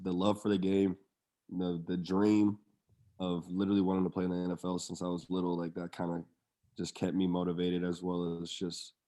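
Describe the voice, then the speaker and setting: A young man with a very low voice talks in a laid-back, slangy way. His delivery stays flat and even, with little rise and fall. He is a guest on a casual podcast, telling his own story. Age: young adult. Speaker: guest, pro football player.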